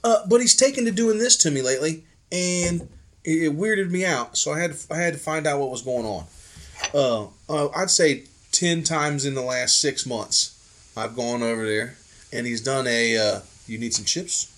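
A man's voice: fairly high pitch, normal speed, a bit bright. A man co-hosting a podcast, telling a rambling story in casual chat, acting out quotes and swearing freely. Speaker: podcast co-host telling stories.

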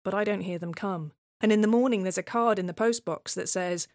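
A woman's voice: medium pitch, brisk, a little mellow, dry recording, studio quality. A woman performing a scripted dramatic monologue in a tense, wary, obsessive way. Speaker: playwright and solo performer.

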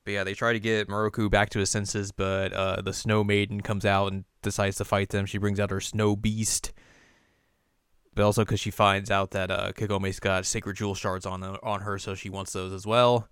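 A man's voice: fairly low pitch, level tone, normal speed, a bit bright, clean tone, dry recording, clean studio sound. A young man co-hosting a podcast, recapping an anime episode in a laid-back, rambling way with frequent laughs. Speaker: podcast co-host. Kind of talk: casual episode recap chat.

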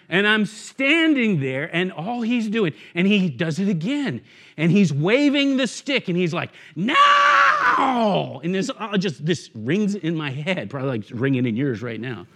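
A man preaching a sermon as a guest speaker, telling a story with acted-out voices and then moving into his message. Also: high voice. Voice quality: bald. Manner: animated storyteller, acts out shouts. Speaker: guest preacher, church network director.

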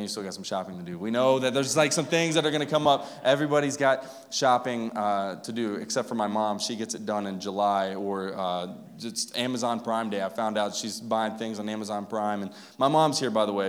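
A man preaching a sermon to his congregation in a casual, conversational way, with asides to the people in the pews. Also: lowish voice. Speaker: pastor. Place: church sanctuary. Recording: long reverb of a church hall.

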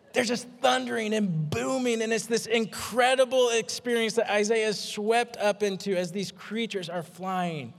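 Man preaching, fairly high voice, energetic, joking at himself, stresses words by repeating them, long hall echo. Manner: energetic, self-deprecating, repeats words for emphasis. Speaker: pastor. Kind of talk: sermon.

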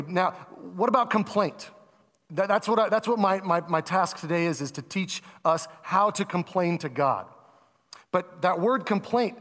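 Male pastor preaching a conversational sermon, high voice, long hall reverb. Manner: conversational, animated, asks the congregation questions.

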